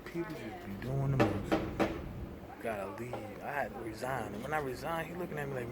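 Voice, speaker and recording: A young man, venting in a heated, profane rant that swings between loud outbursts and low muttering. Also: big pitch swings, fast, background noise.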